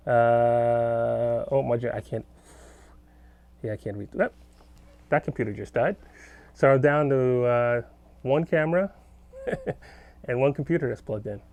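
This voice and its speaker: A man's voice: mid-range voice, a little slow, long pauses, phone-quality sound. A middle-aged man, a guitarist hosting a casual live stream from his home studio, rambling as he answers viewer comments aloud.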